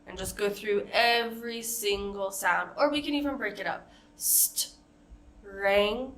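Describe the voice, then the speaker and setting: A woman with an American accent teaching a pronunciation lesson, modeling example words slowly and carefully. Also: medium pitch, a bit bright. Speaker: accent coach.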